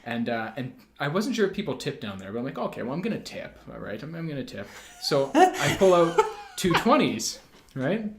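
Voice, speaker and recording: A man who plays the bagpipes, a podcast guest telling a travel story in a lively casual way, full of "like" fillers. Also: on the high side, fairly quick. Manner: animated storyteller, frequent "like" fillers. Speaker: bagpipe player. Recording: roomy echo.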